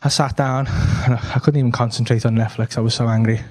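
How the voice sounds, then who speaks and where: A man's voice: mid-range voice, steady tone, fast. A young man doing a stand-up routine, rambling and swearing, working himself up into exasperated rants. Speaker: stand-up comedian.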